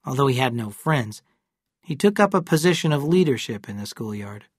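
A narrator reads an audiobook at a steady, even pace. The voice sits in a middle pitch. The sound is dry and close with no room echo. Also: a little fast, husky.

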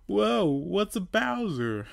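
A man voicing a cocky, fast-talking male hedgehog hero from a video game, in a brash, wisecracking manner. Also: medium pitch, animated, a crowd in the background, voice pushed up, natural voice.

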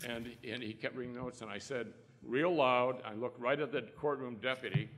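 A conference hall's long reverb surrounds an older trial lawyer on a panel who shares folksy anecdotes and acts out the quotes. His medium-pitched voice is fairly bright and moves at a moderate pace.

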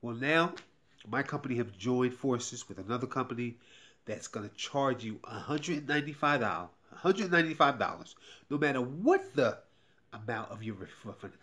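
A man giving an emotional, repetitive sales pitch straight to the viewer, pleading and getting heated. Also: a bit bright. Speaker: YouTuber promoting a tax service. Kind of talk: direct-to-camera sales pitch.

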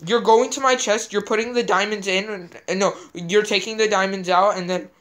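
A woman's voice: medium pitch, steady tone, brisk, fairly bright tone. Rambling gameplay commentary from a woman. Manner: rambling, thinking aloud while playing. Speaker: gameplay video host.

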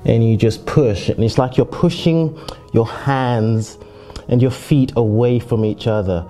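Calm man coaching stretches, mellow voice. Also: mid-range voice, unhurried, soft background music. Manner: calm and reassuring, frequent "okay?" check-ins. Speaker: fitness instructor. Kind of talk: exercise instruction.

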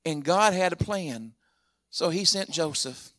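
Bright-voiced man preaching a story sermon. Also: lively intonation, unhurried. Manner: storytelling retelling of scripture, acting out quotes; builds up loud and high at key points. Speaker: pastor.

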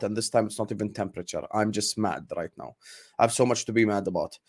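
A man's voice: fairly low pitch, steady tone, fast. A young man hosting a football fan channel, ranting angrily with emphatic, repeated outbursts. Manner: angry, repetitive, emphatic outbursts. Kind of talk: heated fan rant.

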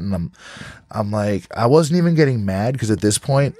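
A man's voice: fairly low pitch, expressive, moderate pace, dark tone, no echo. A man from California, a podcast guest, telling a story casually, rambling with lots of "like", restarts and swearing.

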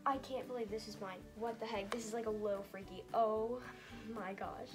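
Gushing, excitable woman unboxing. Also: a little high, moderate pace. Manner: gushing and excitable, filler-heavy. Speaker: doll collector vlogger. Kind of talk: unboxing vlog. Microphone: camera on a tall tripod. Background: background music.

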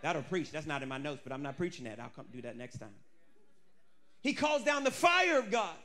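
A male pastor telling a story in an energetic, humorous sermon. His voice is very high and bright, and he often breaks into shouts. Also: a little fast.

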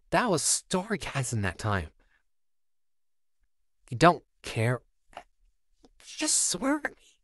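A performer voices a sarcastic, easily rattled male puppet neighbor who is babysitting a child, part of a home-made fan audio drama. The delivery is slow and drawn out, though the pitch leaps all over the place. It was recorded at home, close-up and dry.

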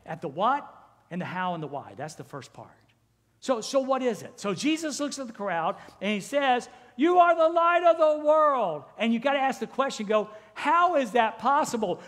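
A male pastor preaching a sermon in a church, animated and acting out quoted voices. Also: extremely high pitch. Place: church sanctuary. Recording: church hall with long reverb.

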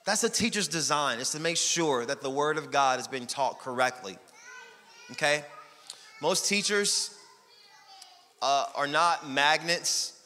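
Male pastor, bright forceful tone, fairly high voice, joking, shouts at times, church hall reverb. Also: a little slow, pauses often. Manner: energetic, shouting bursts and joking asides. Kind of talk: sermon. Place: church sanctuary.

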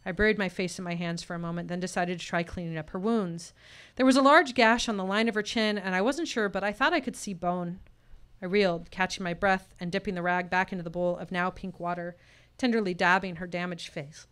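A woman performs a true story live on stage, her voice bright and crisp. She tells it with care and shifts into short lines of quoted dialogue along the way. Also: fairly low pitch, steady tone, brisk. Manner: personal story told with tense quoted dialogue. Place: live showcase venue.

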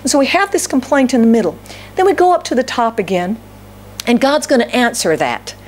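With a fairly high, animated voice, the middle-aged woman preaches at a fairly quick pace. She questions the congregation and performs prayers and grievances in different quoted voices.

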